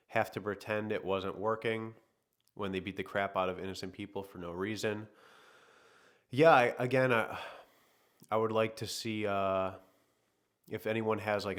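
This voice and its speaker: A man with a deep, low voice hosts a casual livestream. He reads viewer comments aloud, then muses on them in a loose, rambling way and often second-guesses himself. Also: fairly bright tone. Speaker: podcast host reading live chat.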